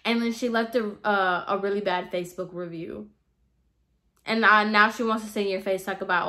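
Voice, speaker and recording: A young woman hairstylist telling a casual storytime rant, sassy and animated, acting out the people she quotes. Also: mid-range voice, normal speed. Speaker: hairstylist vlogger.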